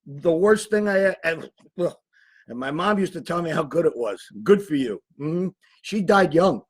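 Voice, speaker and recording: Husky, lively wisecracking co-host. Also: male voice, a little high, moderate pace. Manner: wisecracking, teasing the viewers. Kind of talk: casual live-stream chat.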